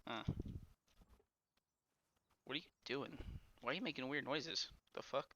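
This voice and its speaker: A young man streaming a survival game with a friend, excitable and swearing, shouting to his teammate. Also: medium pitch, measured pace. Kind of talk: casual gaming banter. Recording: dull lo-fi stream mic with faint noise.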